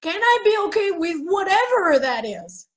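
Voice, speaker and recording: A woman's voice: very high-pitched, sing-song, normal speed, poor audio. A woman giving a raw, profane self-help monologue on a live video, questioning herself aloud.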